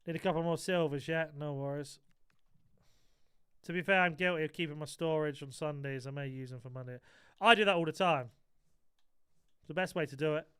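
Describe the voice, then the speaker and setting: Brief: man, gaming streamer, jokey banter with chat, bright, smooth voice. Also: on the high side, brisk, pauses often, no echo, clean studio sound. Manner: banters with chat, jokey, self-described moaner. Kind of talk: casual live-stream chat.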